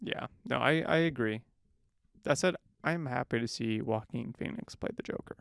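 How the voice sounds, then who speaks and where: A podcast co-host leads a casual movie chat and holds firm opinions. The voice has a gravelly, fry-heavy edge. It is recorded close and dry, with no room echo. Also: mid-range voice, moderate pace.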